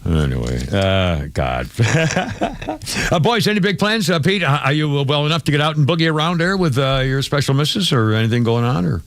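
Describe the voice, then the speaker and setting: A man's voice: fairly high pitch, big pitch swings, moderate pace, fairly bright tone, no room sound. A male radio host with an American accent, bantering casually and jokingly with his cohosts on air.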